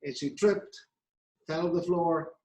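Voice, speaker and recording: Slow, hesitant cooking demonstrator. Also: mid-range voice, mellow, rough recording. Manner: hesitant, many fillers and restarts; methodical, explains step by step. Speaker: pastry demonstrator.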